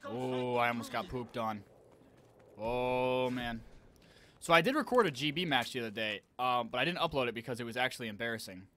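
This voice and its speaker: A young man giving excitable live commentary on an online shooter match, talking to his viewers and trash-talking as he plays. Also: mid-range voice, fairly quick, slight background noise. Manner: excitable, talks to viewers, trash-talks while playing. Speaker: gaming channel host.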